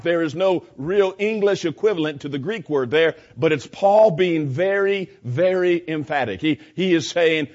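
A man giving a verse-by-verse Bible teaching, emphatic and repeating his key points. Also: a little high. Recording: dull lo-fi recording.

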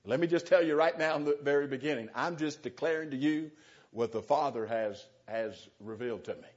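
A man's voice: mid-range voice, fairly quick. Man teaching scripture on a dull, lo-fi recording. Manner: conversational, explaining with rhetorical questions. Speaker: Bible teacher. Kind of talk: verse-by-verse Bible teaching.

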